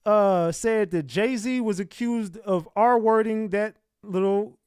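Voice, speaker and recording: High-voiced man hosting a live stream. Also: slow pace, darkish tone, clear, resonant tone, dry recording, studio quality. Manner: addresses chat directly, laughs often. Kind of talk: casual live-stream chat.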